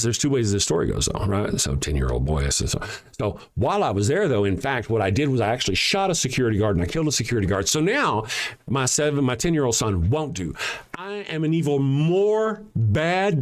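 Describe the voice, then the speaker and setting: A man hosting a show, delivering a mocking, sarcastic monologue that swings between loud jabs and quiet asides. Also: medium pitch. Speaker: show host. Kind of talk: ranting monologue.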